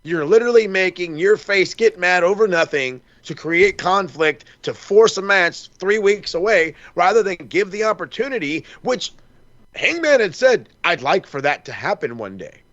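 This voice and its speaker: A man co-hosting a wrestling podcast in a loose, profane, rambling way, acting out little quoted exchanges as he goes. His voice is bright and a bit high. The recording is dry and slightly dull. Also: normal speed, no room sound. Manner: rambling, profane, animated storytelling with quoted asides. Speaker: podcast co-host. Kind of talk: casual wrestling chat.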